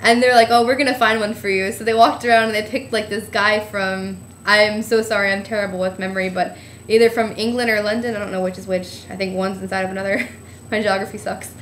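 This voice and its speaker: A young vlogger from New Jersey tells a story about a trip, giggly and rambling and saying "like" constantly. Her mid-range voice is steady, brisk, and a bit bright. The sound is roomy with a little hiss or hum.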